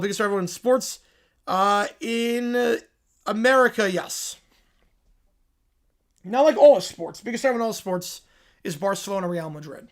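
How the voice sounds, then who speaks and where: A man's voice: sits high, normal speed, long pauses. Laid-back male streamer. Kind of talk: casual Q&A stream.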